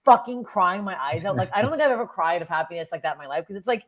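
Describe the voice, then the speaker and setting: This woman speaks in a low-leaning voice at a rapid-fire clip. She's a Canadian comic in her thirties, a podcast guest spinning casual, animated tales that are crude and blunt.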